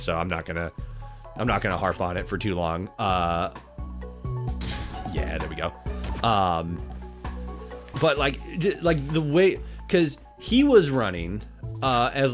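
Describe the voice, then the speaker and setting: A man streaming a game, chatting casually, rambling with many restarts and swearing constantly, bursting into loud excitement. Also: fairly low pitch, moderate pace, long pauses, faint music behind. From Europe. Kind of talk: casual livestream chat while gaming.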